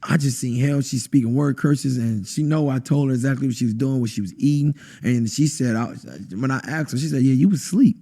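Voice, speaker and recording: A man, a podcast guest telling an intense personal testimony and acting out quotes with sudden high bursts. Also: fairly quick, few pauses, dark tone. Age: adult, has a wife. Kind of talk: emotional testimony in conversation.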